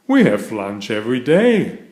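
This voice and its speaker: A man's voice: medium pitch, wildly swooping pitch, measured pace, darkish tone, reverberant. A man reading a children's storybook aloud, voicing an eager little girl piglet.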